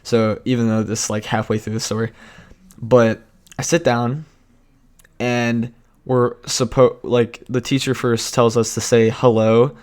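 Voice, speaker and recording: A man's voice: mid-range voice, flat delivery, a little slow, a little mellow. Rambling young man telling a storytime. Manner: rambling, self-interrupting, laughs often. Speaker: vlogger. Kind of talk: casual storytime vlog.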